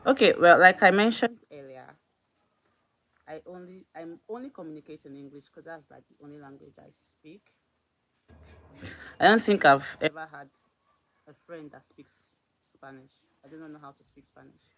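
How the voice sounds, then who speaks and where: A woman's voice: deep voice, normal speed. A woman hosting her own live stream in casual chat, often thanking and greeting viewers as they join.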